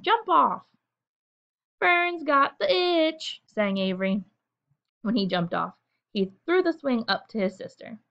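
Expressive woman reading a bedtime story. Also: mid-range voice, vocal fry, highs cut off. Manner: gentle, expressive, chatty asides.

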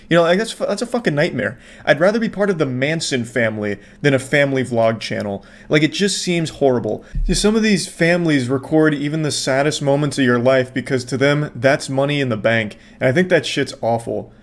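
A man hosting a commentary video, speaking in a deadpan, mocking way and swearing freely. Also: a little high, fairly quick, hardly any pauses. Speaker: commentary host.

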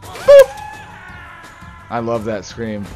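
A man's voice: mid-range voice, normal speed. A man casually commenting on his gameplay, joking around, swearing and bursting into mock anger. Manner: animated, jokey, swears, outbursts of mock anger. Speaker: let's play gamer. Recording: game music behind.

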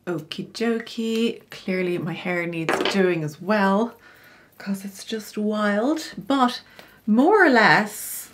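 A woman's voice: medium pitch, slow pace, background noise. A middle-aged woman style coach talking through her makeup routine in a chatty, explanatory way, with casual asides. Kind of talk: makeup tutorial.

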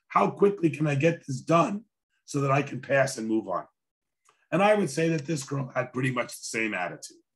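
A hoarse man who is a rabbi lectures in a relaxed, conversational way, slipping in dry jokes as he tells a story. His voice sits a little high for a man. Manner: conversational and wry, with dry humor. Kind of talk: sermon-style lecture with storytelling.

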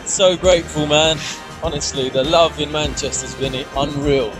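An upbeat man chats casually for a road-trip vlog, his voice sitting a little high. He is effusive and laughs easily, and music plays loudly behind him. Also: steady tone, normal speed. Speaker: author on a book tour.

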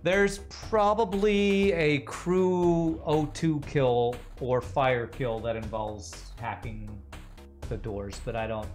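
A man streaming a game, joking casually and reading viewers' chat comments out loud. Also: mid-range voice, steady tone, takes it slowly, faint music behind. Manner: jokey, reads chat aloud.

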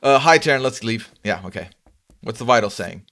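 A man hosts a game stream over voice chat, chatting casually. His voice sits mid-pitch but moves a lot. He gets flustered and repeats himself. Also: lively intonation, brisk, a bit bright. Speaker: streamer and host.

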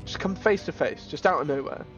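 Excitable gamer. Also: male voice, a little high, a little fast, muffled recording, faint music behind. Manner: excitable, jokey, yelps and laughs. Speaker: streamer. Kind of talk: gaming commentary.

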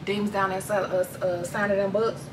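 A woman vlogger recapping a movie in casual, profane, animated slang. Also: mid-range voice, moderate pace, background noise.

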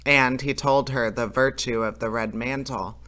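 A man's voice: mid-range voice, steady tone, a little slow, pushed and bright. A man reading a fairy tale aloud as a storyteller, plain and unpolished, with small slips and self-corrections.

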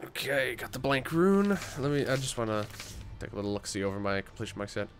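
This young gaming livestreamer talks fast at a medium pitch, his voice swinging widely up and down as faint music plays behind him. Though sick and tired, he chats casually with his audience, using lots of fillers and restarts and sometimes cracking.

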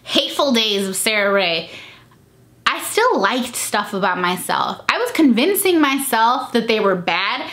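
A young adult woman talking casually and openly in a vlog, chatty and animated, jumping into high voices when she quotes people. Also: unhurried. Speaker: vlogger. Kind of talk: casual confidence chat.

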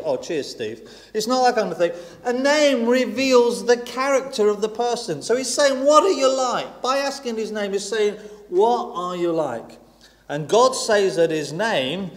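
Male preacher, high voice, casual emphatic delivery, roomy reverberant church sound. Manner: chatty, self-deprecating, emphatic repetition. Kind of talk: sermon. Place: church hall. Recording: echoey church hall with long reverb.

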